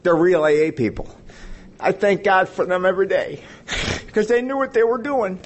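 50s guy telling his story at a meeting, a bit high voiced, rambles and cracks jokes. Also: normal speed. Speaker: recovery meeting speaker. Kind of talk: personal testimony to an audience.

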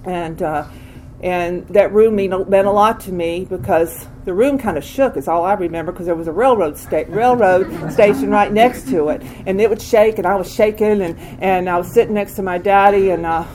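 Older woman telling her story haltingly. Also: medium pitch, darkish tone, a little hiss or hum, poor audio. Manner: halting, candid, frequent restarts. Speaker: speaker sharing a recovery story. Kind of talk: personal testimony.

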